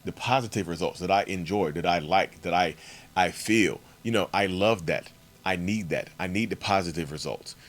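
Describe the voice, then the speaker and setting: A man's voice: low-pitched, normal speed. A man hosting a casual, emphatic monologue for his channel and addressing viewers directly as y'all. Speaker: channel host.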